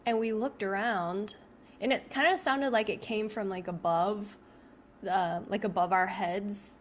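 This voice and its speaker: A woman's voice: mid-range voice, fairly even intonation, unhurried, slight background noise. Chatty woman telling a ghost story. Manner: rambling, heavy use of "like", frequent restarts. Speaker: video creator. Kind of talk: casual storytelling to camera.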